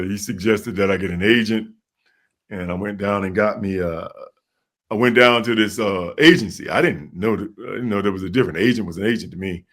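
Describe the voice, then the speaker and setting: A man with a deep voice and an American accent, a guest telling animated stories in a casual interview. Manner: animated storyteller who acts out voices.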